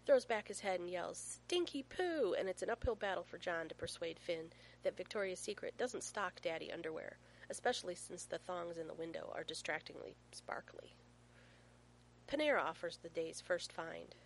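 Woman, storytelling narration, expressive, playful, lower pitch. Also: a little hiss or hum, poor audio. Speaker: reader.

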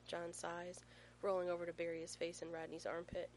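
A woman reading a story aloud with playful, expressive comic timing. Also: fairly low pitch, a little fast, a little hiss or hum, rough recording. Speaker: reader. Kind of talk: storytelling narration.

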